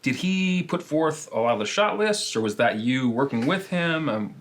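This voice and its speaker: A man hosting a casual interview, relaxed and chatty, with quick affirmations. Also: on the high side. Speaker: interview host.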